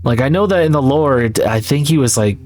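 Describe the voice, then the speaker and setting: A man's voice: mid-range voice, lively intonation, fairly quick, a little mellow, soft background music. A man giving casual, rambling gameplay commentary, swearing often. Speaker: gaming YouTuber.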